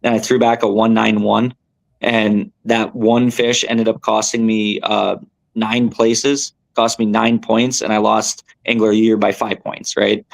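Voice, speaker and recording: A young man, a tournament angler, telling a story as a podcast guest in a rambling, animated way with many fillers and restarts. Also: lowish voice, measured pace, vocal fry. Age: young adult. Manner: animated, rambling, lots of fillers and self-corrections.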